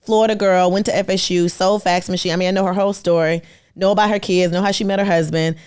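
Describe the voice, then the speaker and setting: A woman's voice: fast talker, smooth. A woman in her thirties, a podcast guest, telling her story in casual, colloquial talk and acting out the people she quotes. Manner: animated, acts out quoted people with sudden high pitch jumps; colloquial, slangy, emphatic. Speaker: podcast guest, artist and entrepreneur.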